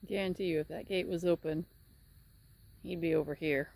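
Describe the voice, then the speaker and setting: A woman's voice: creaky, a little mellow. Chatty woman coaxing horses outdoors. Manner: chatty, coaxes horses in a high sing-song voice. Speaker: horse rescue farm owner. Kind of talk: casual vlog narration.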